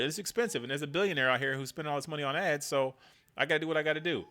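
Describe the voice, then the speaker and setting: A man's voice: on the high side, very fast, bright, forceful tone. A man giving casual political commentary in a slangy, conversational way, riffing loosely as he goes.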